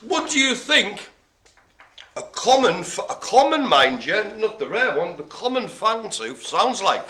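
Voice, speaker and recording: A British man calls bingo numbers like a cheeky compere. His voice sits high and swings up and down, with a bright, forceful edge. He keeps up a stream of jokes and playful banter. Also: big pitch swings, unhurried, roomy sound, slight background noise. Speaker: bingo host. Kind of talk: live comic bingo calling.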